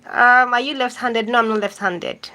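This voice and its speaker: Higher-voiced woman hosting a live chat. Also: fairly even intonation, normal speed, bright, forceful tone, rough recording. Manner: answers comments directly, repeats phrases for emphasis. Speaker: YouTube host reading live chat. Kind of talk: live stream chat, talking to viewers.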